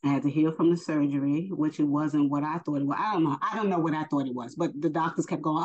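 A woman giving a casual spoken religious lesson, unhurried and hesitant with many fillers. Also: low voice, darkish tone. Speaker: faith teacher. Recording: dull lo-fi recording.

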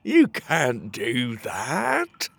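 A man voicing a blustering male porcupine prison guard who talks slowly and loudly in a storybook reading. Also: mid-range voice, huge pitch swings, creaky, husky, dry recording, heavily acted. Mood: indignant. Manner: slow, bossy and loud.

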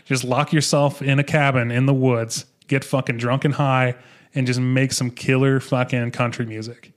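A young man hosting a podcast, chatting casually and excitedly about an album, swearing and restarting his sentences. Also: medium pitch, moderate pace. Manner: excitable, profane, rambling with restarts. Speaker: podcast host. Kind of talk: casual music review chat.

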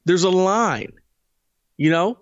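A man co-hosting a podcast in casual chat, animated and emphatic, often repeating himself. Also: sits high, takes it slowly, no echo, highs cut off. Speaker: podcast co-host.

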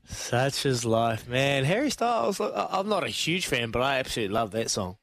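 A man hosts a morning sports radio show in easy banter. He is chatty, laughs often and circles back over his own words, at a middling pitch. His voice sits dry and close on a studio mic. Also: big pitch swings, brisk, a bit bright, dry recording. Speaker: breakfast sports radio host.

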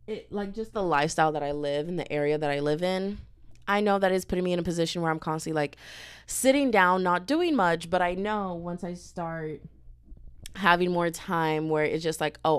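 A young woman hosting a podcast, chatting in an animated, candid way and calling her listeners girl and y'all. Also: on the low side, clear, resonant tone. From family from Dominica, lives in Houston. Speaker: podcast host. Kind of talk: casual personal chat.

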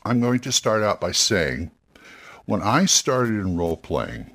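A man's voice: fairly low pitch, very animated, measured pace, fairly bright tone. A man hosting a talk show about roleplaying games, speaking in a casual, rambling monologue that often corrects itself and encourages listeners. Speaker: podcast host giving roleplaying game advice.

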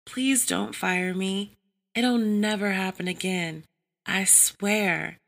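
A woman's voice: mid-range voice, fairly even intonation, takes it slowly, creaky, fairly bright tone. A woman voicing a timid young female secretary who pleads tearfully with her boss. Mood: pleading.

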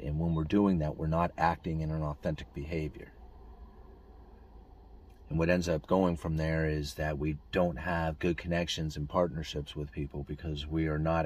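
A man's voice: extremely low pitch, darkish tone, husky. A man hosting a podcast, talking through his thoughts in a rambling, reflective monologue full of restarts and "you know.". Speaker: podcast host. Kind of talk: casual monologue.

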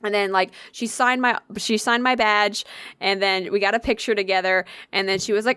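An excitable young woman tells a casual story, swearing freely and acting out the voices of everyone in it. Her pitch sits in the middle of the range. The recording is dry and close, with no room sound. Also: fairly quick, clear, resonant tone, no echo. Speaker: convention volunteer telling a story.

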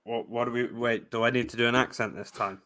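A man's voice: medium pitch, fairly even intonation, a little fast, pushed and bright. A man co-hosting a casual sports talk show, swearing freely and ranting with fired-up energy. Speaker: podcast co-host.

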